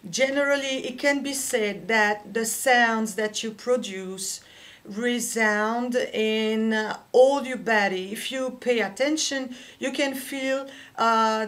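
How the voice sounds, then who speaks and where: A woman whose first language is French, teaching a singing lesson and explaining slowly and carefully with small pauses. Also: on the high side, a bit bright. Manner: slow, careful explaining with fillers. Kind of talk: vocal lesson with sung demonstrations.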